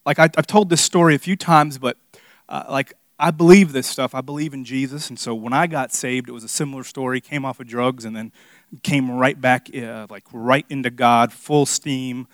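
A man's voice: medium pitch, steady tone, normal speed, no room sound. A young man preaching a sermon in a casual, earnest storytelling way, full of fillers. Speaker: pastor teaching a Bible study.

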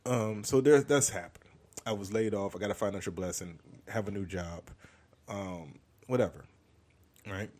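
A man's voice: lowish voice, moderate pace, darkish tone. A man hosting his podcast, rambling through a joking catch-up and acting out other people's voices. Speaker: podcast host and comedian. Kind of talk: casual monologue.

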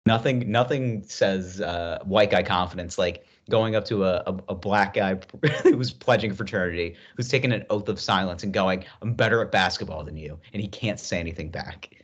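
Low-voiced man in dull lo-fi audio. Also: moderate pace, hardly any pauses. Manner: rambling, laughing storyteller. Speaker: podcast co-host. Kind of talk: casual podcast chat. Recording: dull lo-fi sound.

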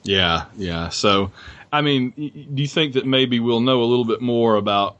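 A man's voice: mid-range voice, moderate pace, a bit bright, highs cut off. A man hosting a podcast and chatting casually about college football in a rambling, restarting way. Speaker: podcast host. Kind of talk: casual sports chat.

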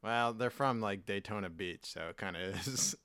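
A man from the US East Coast co-hosts a loose podcast chat, cracking jokes and laughing as he wanders off on tangents. His voice has a bright, forward edge. It is recorded dry and close, with no room sound. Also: lowish voice, moderate pace, no room sound. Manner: joking, laughs often, rambling tangents. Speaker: podcast co-host.

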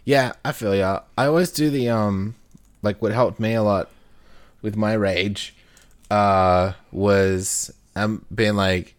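A man's voice: lowish voice, fairly even intonation, slow pace, clear, resonant tone. A young Australian man bantering on a podcast, blunt and crude, joking and swearing freely. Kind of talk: casual chat.

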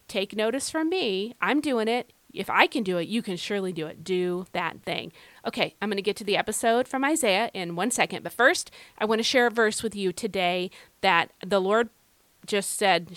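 A woman's voice: mid-range voice, a bit bright, no room sound. An Irish woman hosting a devotional podcast, talking in an earnest, encouraging, conversational way. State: recovering from feeling unwell. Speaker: podcast host. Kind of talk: devotional Bible podcast talk.

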